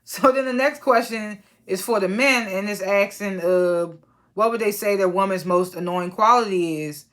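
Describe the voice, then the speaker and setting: A woman's voice: medium pitch, normal speed, a bit bright. A woman casually recapping a reality TV episode, chatty and slangy, with lots of fillers and exasperated asides.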